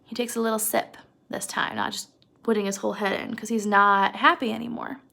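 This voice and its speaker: A woman's voice: medium pitch, little pitch movement, fairly quick, vocal fry, sharp tone. A woman teacher giving a casual recorded video lesson, talking students through a chapter and checking in with them often. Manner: casual, conversational, checks in with "okay?".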